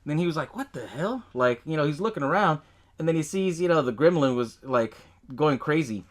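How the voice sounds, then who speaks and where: A man's voice: a little high, lively intonation, a little fast. A man hosting a podcast, recapping a movie in a loose, profane way and laughing often as he tells it. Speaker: podcast host.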